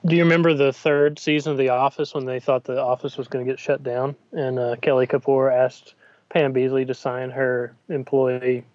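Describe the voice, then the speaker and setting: A man's voice: mid-range voice, little pitch movement, moderate pace, a little mellow. A man co-hosts a casual sports podcast from home, talking with dry, wry humor. His remote feed sounds dull and lo-fi, dry and close, without room echo. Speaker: podcast co-host.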